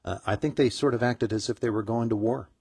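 A man hosting a small-town morning radio show, middle-aged and chatty. His voice sits low and sounds husky. The sound is dry and close, and he keeps restarting phrases with plenty of fillers. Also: darkish tone, no room sound. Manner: halting, many fillers and restarts. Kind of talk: casual radio interview.

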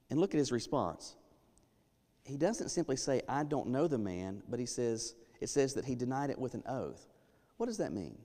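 A male pastor delivers a sermon in an emphatic, dynamic way, sinking to near-hushed lines before building up to loud ones. His voice sits in an ordinary middle pitch for a man. The sound carries a long reverb from a church sanctuary. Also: animated, normal speed.

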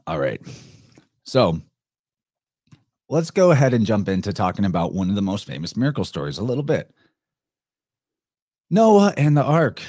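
A man talks through a solo podcast presentation in a relaxed, rambling manner, chuckling often and swearing lightly. His voice sits a little low. The sound is dry, with no room echo. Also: brisk, pauses often, breathy edge. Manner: casual, digressive, chuckling often, mild swearing. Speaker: podcast host.

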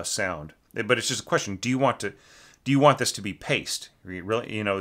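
A man's voice: fairly low pitch, a bit bright. A man giving a rambling spoken critique of a student's orchestral score, often asking "right?" and singing the parts aloud. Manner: rambling, fillers, sings motifs aloud. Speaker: orchestration teacher giving feedback.

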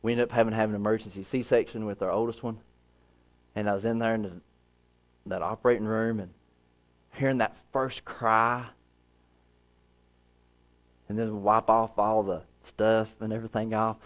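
A man in his thirties preaching a sermon as pastor, earnest, with repeated phrases, swinging from hushed to emphatic. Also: on the low side, level tone, normal speed, long pauses.

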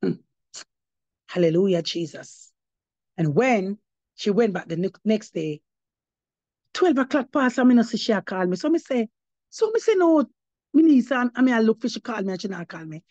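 A woman's voice: on the high side, very animated, normal speed, pauses often, mellow, no echo, highs cut off. A woman giving her testimony as an apostle, preaching to a congregation and slipping between English and patois, rising to emphatic cries of praise.

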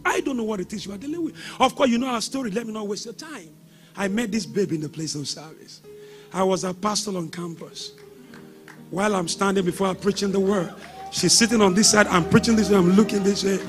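A man preaching a sermon as pastor, shouting exhortations and breaking into sing-song lines. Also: high voice.

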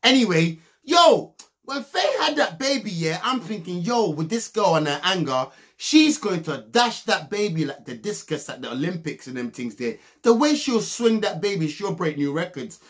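A young man giving a comedic, mocking recap of a reality TV show, breaking into loud laughs. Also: normal speed. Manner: mocking, animated, bursts into loud high laughs.

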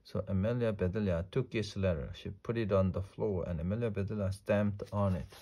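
A man reading a children's storybook aloud slowly and deliberately, with small slips. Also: low-pitched, heavy background noise. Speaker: storybook reader. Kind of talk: read-aloud storybook narration.

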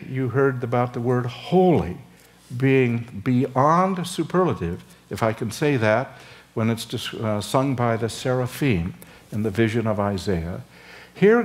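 Older male professor for a chapel sermon: unhurried delivery, expressive rise and fall, lifts his voice to stress key words. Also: mid-range voice. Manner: slow and deliberate, with frequent uh and um, voice lifting for emphasis; acts out dialogue between Moses and God. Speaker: seminary professor.

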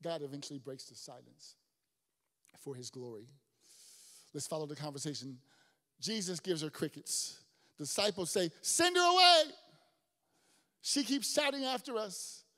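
A male pastor preaching a sermon with big swings, from shouted lines down to quiet, near-whispered ones. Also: a little high, lively intonation, moderate pace, pauses often, big-room sound.

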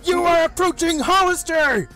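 A man voicing a loud militia captain who shouts pompous announcements through a megaphone in a tabletop game. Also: extremely high pitch, normal speed, loud music behind the voice, voice pushed up. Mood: blustering.

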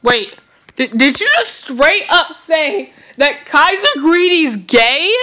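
A young woman reacting out loud to a video she is watching, excitable and giggly, talking back at the screen. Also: sits high, takes it slowly. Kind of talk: casual reaction commentary.

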